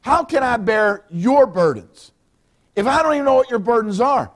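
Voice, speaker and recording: A man's voice: very high-pitched, lively intonation, moderate pace. A middle-aged man preaching a folksy sermon as pastor, acting out what people say. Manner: folksy preaching, acts out quotes.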